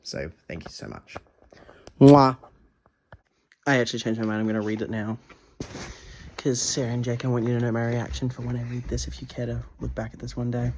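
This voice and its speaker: A man's voice: mid-range voice, fairly even intonation, fast talker, a little hiss or hum. A young man in a casual video diary, gushing over a gift and swearing freely, stumbling as he reads a letter aloud at home. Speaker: vlogger.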